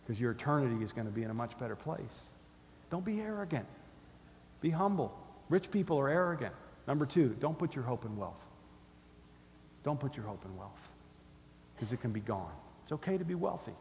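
A man's voice: medium pitch, a little mellow, slight background noise. A man preaching a sermon as pastor, emphatic, leading his listeners in call-and-response. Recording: echoey hall, faint ambience.

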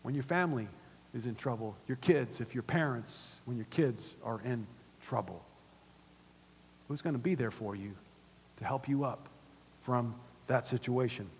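A middle-aged pastor preaching a sermon in a church, animated and repetitive, dropping to soft asides between louder points. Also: male voice, mid-range voice, measured pace, pauses often, slight background noise. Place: church auditorium. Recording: long reverb of a large hall.

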